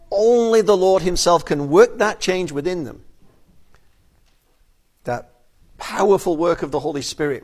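A male pastor delivering a sermon from the pulpit. His voice sits a little above the usual male pitch. He speaks earnestly and often repeats a word as he begins a new phrase. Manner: earnest, repeats words when starting a phrase.

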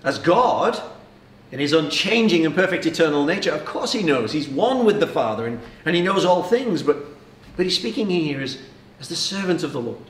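A man's voice: a little high, very animated, normal speed. A man preaching a sermon with earnest urgency, posing rhetorical questions to his listeners. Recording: echoey room.

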